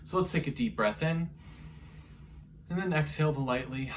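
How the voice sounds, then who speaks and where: A man teaching an online music lesson to young children, encouraging them through vocal warm-ups. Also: on the high side, normal speed, long pauses, distant mic, a little hiss or hum.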